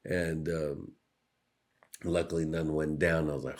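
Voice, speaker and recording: A man's voice: a bass voice, fairly even intonation, measured pace, darkish tone. A young man hosting a podcast, rambling through a profane, jokey monologue that keeps slipping into put-on voices. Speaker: podcast host. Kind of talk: casual comedic monologue.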